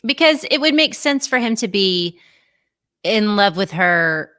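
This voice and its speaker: A woman's voice: medium pitch, sing-song, measured pace, bright, forceful tone, no room sound, studio quality. A woman hosting a casual live-streamed chat, bubbly and chatty and laughing often, on a video call. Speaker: host.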